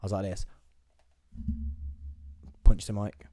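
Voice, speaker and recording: Young man, solo studio vlogger, animated storyteller, dry close mic. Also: medium pitch, normal speed, dry recording. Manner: chatty and animated, playful storyteller. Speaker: podcast host. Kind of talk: casual solo vlog to camera. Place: small studio.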